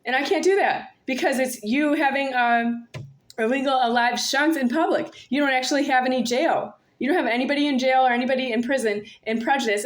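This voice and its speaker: A woman vlogging alone, rambling and confrontational, repeating herself as she speaks to an unseen "you". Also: on the high side. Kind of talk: rambling monologue to camera.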